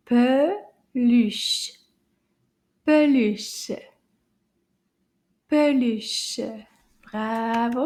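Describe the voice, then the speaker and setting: High, slow-talking woman teaching kids. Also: a little mellow. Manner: cheerful and coaxing, drops to whispers for suspense. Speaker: French teacher for children. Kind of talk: slow, encouraging kids' lesson.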